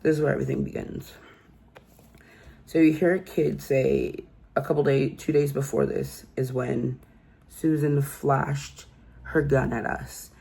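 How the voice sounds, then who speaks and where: Guy doing a true crime recap, kinda dark mellow voice, rambly and baffled. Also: mid-range voice, steady tone, a little slow, creaky, slightly rough. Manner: incredulous, rambling storytelling with many fillers.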